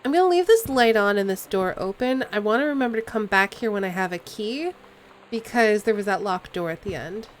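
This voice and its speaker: A woman's voice: mid-range voice, lively intonation, fairly quick, slight background noise, low-quality recording. Woman musing through a game stream. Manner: musing aloud, puzzling over clues. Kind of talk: live game commentary.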